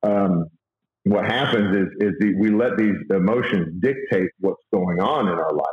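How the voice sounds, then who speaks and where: A man talking casually about faith, marriage and money in an earnest, halting way, full of fillers and restarts. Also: fairly low pitch. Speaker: guest sharing faith and money advice. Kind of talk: casual conversational talk. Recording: roomy, dull lo-fi sound.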